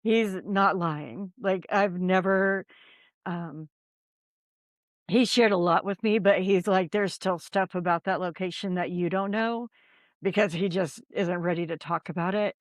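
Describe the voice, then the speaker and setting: A woman's voice: fairly low pitch, unhurried, dry recording, studio quality. Rambling woman telling ghost stories. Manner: rambling, lots of ums and likes. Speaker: paranormal investigator guest. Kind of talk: casual storytelling chat.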